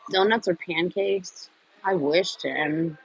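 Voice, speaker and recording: A woman speaks slowly in a low, gravelly, slightly rough voice while hosting a relaxed livestream. She wanders between topics, answers viewer comments along the way, and her scattered speech trails off with many fillers. The sound is lo-fi.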